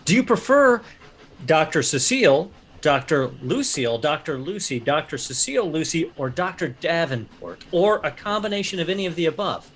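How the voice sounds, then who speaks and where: A man's voice: on the high side, big pitch swings, normal speed, fairly bright tone. A man voicing an eager, fussy male writer in a tabletop role-play, chatty and over-polite.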